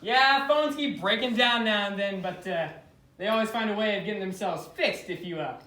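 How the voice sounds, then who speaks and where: Sly chatty repairman played by someone in a stage play, echoey room with loud background hiss. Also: mid-range voice, moderate pace, lightly acted. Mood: cheerful. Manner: cheerful, sly. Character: chatty phone repairman, cheerful and cocky.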